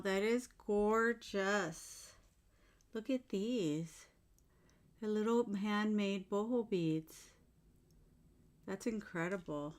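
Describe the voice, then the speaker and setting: A woman vlogger chatting casually to her viewers while unboxing, gushing and exclaiming with delight, filmed in a bedroom at home. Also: medium pitch. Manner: gushing, effusive, exclaims often. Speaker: jewelry-making vlogger. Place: home bedroom used as filming room.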